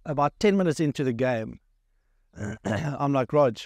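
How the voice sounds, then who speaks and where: A man's voice: medium pitch, expressive, a little slow, darkish tone, no room sound, clean studio sound. A man with a South African accent, a former rugby player co-hosting a casual talk show, teasing guests and laughing often while telling stories. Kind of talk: casual banter.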